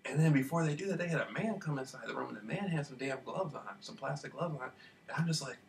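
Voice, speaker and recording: A man telling a rambling personal story in a casual monologue, repeating himself and getting animated as he retells it. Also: a little high, quick pace, creaky. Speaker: vlogger. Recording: distant mic with faint background noise.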